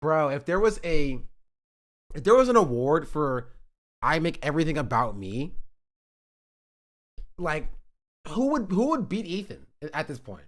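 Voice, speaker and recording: A man's voice: on the high side, sing-song, unhurried, long pauses. A man streaming, reacting in disbelief and repeating the same phrases over and over. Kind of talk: livestream reaction commentary.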